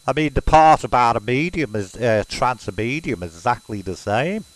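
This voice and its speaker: A man's voice: mid-range voice, lively intonation, moderate pace, no echo, poor audio. A man from Liverpool with a Scouse accent, talking in a rambling casual monologue full of fillers and restarts as a self-described medium. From Liverpool, England.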